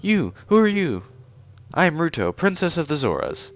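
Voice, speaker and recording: A man's voice: a little high, very animated, normal speed, pitched above the performer's own voice. A man reading out the lines of a haughty, bossy young fish-princess girl in a raised voice while commenting on a video game. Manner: bossy, commanding. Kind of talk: gameplay commentary with voiced dialogue.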